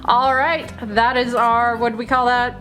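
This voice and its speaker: A woman's voice: a little high, level tone, bright, forceful tone. A woman hosting a casual cooking vlog, prompting with questions and wrapping up the video. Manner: prompting questions, brisk sign-off. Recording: clear background music.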